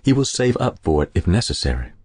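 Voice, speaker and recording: A man voicing a calm, sly old potion seller who talks politely and indifferently. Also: sits low, fast, husky, dry recording, studio quality, heavily acted. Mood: suave, indifferent.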